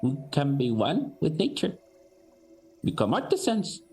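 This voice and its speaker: A game master voicing a huge, serene old female orc elder with a high, sing-song voice. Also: big pitch swings, a little slow, mellow, soft background music, exaggerated voice. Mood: solemn.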